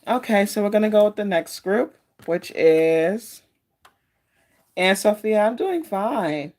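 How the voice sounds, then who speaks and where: Slow and a little mellow, this woman's medium-pitched voice has lively intonation as she hosts a tarot reading live stream. She chats in a rambling, friendly-casual way and greets her viewers individually by name.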